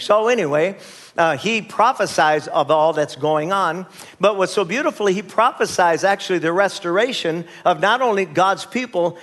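A man's voice: a little high, fairly bright tone. An older man preaching a sermon as pastor, leading the church in call-and-response with folksy asides and chuckles.

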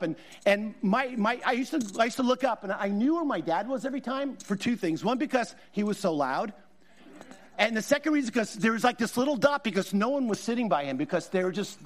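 A middle-aged man, a guest pastor, preaching a sermon in a conversational, storytelling way with emphatic repetition. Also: sits high. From Southern California.

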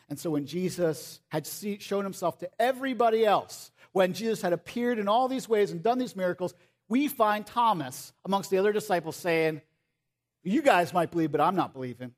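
A man preaching a sermon in a somewhat high voice. He is animated, rising to loud acted-out quotes and then dropping to a soft, pleading tone. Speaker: pastor.

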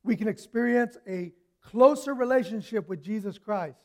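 A man preaching a sermon, telling stories with lively swings from loud to hushed. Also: sits high, moderate pace.

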